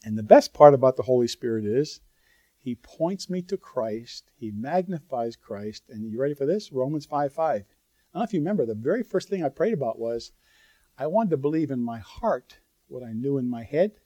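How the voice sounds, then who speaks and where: A man's voice: mid-range voice, animated, moderate pace, dark tone, dry recording. A man preaching a sermon in a conversational, earnest way, breaking into sudden bursts of emphasis and asides to the audience. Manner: talks straight to the audience with asides.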